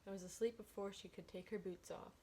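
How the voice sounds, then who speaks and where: A woman reading a picture book aloud in a gentle, steady way, then talking about the story. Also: medium pitch, brisk, breathy edge. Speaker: storybook reader.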